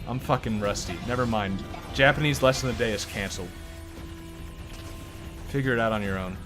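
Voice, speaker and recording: Music plays behind this man's lowish, brisk voice as he streams gameplay. His casual live commentary rambles along full of jokes and curses, and his throat is sore and strained. He's self-deprecating and quick to laugh.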